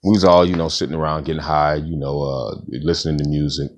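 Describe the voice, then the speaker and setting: A man's voice: level tone, fast talker. A middle-aged man casually telling a personal story, rambling and slangy, with lots of fillers. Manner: rambling, slangy, acts out quoted friends in a higher voice. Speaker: author and storyteller.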